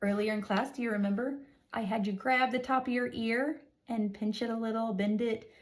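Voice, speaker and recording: A woman teacher reading a lesson aloud to young children, with an expressive, sing-song delivery and exaggerated emphasis. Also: fairly high pitch, moderate pace.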